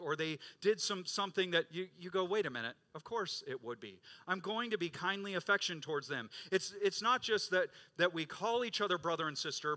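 A middle-aged male pastor preaching a sermon, rising to loud emphatic peaks and dropping to quiet low stretches, acting out quoted voices. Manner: acts out quoted voices of congregants and Jesus.

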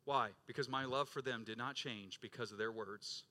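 A middle-aged male pastor delivers a sermon at a moderate pace, swelling to loud, emphatic peaks before sinking into quiet, low passages. Along the way he acts out quoted voices of congregants and of Jesus.

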